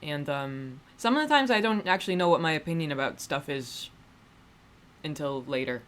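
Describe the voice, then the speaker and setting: Her voice is low and expressive, fairly bright, moving at a moderate pace. This livestreamer rambles wryly through casual chat with viewers, frequently starting sentences over and tossing in offhand swearing.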